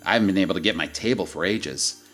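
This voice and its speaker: A man's voice: deep voice, quick pace, a bit bright, faint music behind. An actor playing a folksy, affectionate uncle who chuckles as he talks. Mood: jovial.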